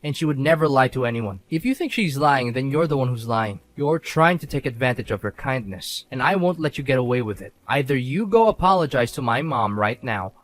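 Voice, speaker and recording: A sneering young husband from an animated story, mocking and contemptuous, who sides with his mother at every turn, as a man acts him out. His voice sits at an ordinary mid pitch. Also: brisk, few pauses, close to an everyday voice. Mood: angry.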